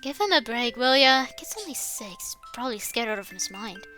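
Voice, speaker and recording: A woman's voice: fairly high pitch, expressive, moderate pace, bright, forceful tone, soft background music. A woman voicing a reluctant schoolboy in a visual novel who half-heartedly pleads for the victim. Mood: uneasy.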